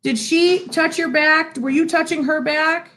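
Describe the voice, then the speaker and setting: A woman's voice: high-pitched, steady tone, measured pace, fairly bright tone, slight background noise. A middle-aged woman, a psychic medium, chatting in an interview, telling stories with lots of fillers and easy laughter. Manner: chatty storyteller, laughs easily, many fillers. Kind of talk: casual interview chat.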